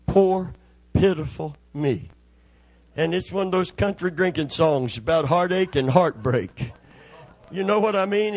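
A man's voice: high voice, dry recording. A man preaching a sermon as pastor, folksy and impassioned.

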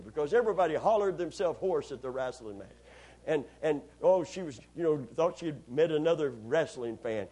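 Folksy husky-voiced preacher man. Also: high-pitched, lively intonation, normal speed, darkish tone. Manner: folksy, joking, repeats words. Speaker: pastor. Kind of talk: sermon.

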